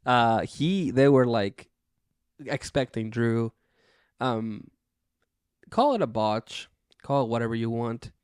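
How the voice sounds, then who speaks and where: A man's voice: medium pitch, lively intonation, takes it slowly, pauses often, a little mellow, clean tone, dry recording, clean studio sound. Laid-back man chatting on a podcast. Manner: laid-back, swears freely, laughs often. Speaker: podcast co-host. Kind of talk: casual wrestling podcast chat.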